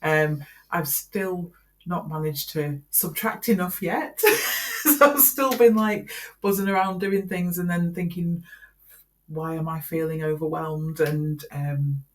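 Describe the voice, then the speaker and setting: A woman's voice: lowish voice, animated, slow pace, slight background noise. A middle-aged woman chatting casually as a podcast co-host, rambling with frequent laughter. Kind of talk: casual chat.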